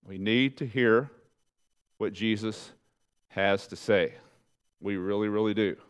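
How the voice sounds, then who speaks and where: A man preaching a sermon to his congregation, animated and conversational, talking straight to the people in front of him and dropping his voice low and soft to stress a point. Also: slow pace, clean tone. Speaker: pastor.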